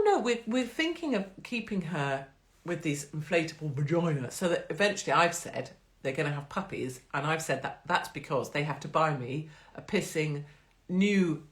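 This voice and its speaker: Blunt, chatty woman. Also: deep voice. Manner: blunt, profane, chatty and rambling. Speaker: host of a live stream. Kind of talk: casual live-stream chat.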